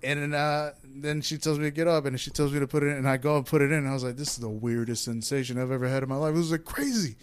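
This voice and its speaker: Young guy rambling thru a candid story on a podcast, middle pitched voice, plays out what everyone said. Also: very fast, few pauses, smooth. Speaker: guest telling a story. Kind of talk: casual podcast chat.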